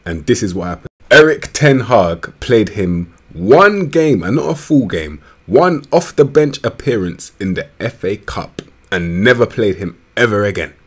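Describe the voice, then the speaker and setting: A young man talks in a lowish voice, full of slang and swearing. He rambles loosely through game commentary and often gets worked up and excitable. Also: a little slow, hardly any pauses, slightly rough. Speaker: gaming YouTuber. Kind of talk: casual commentary over a football management game.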